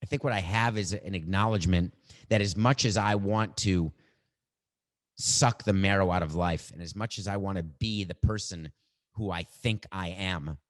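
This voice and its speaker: A man's voice: sits low, normal speed. A middle-aged man hosting a podcast, musing aloud in a reflective monologue. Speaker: podcast host.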